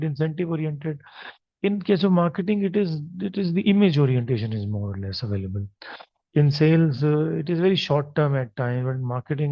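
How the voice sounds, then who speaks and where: A man's voice: fairly high pitch, no echo. A male marketing lecturer with an Indian English accent, explaining slides unscripted with frequent fillers. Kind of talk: recorded lecture over slides. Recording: dry, slightly dull recording.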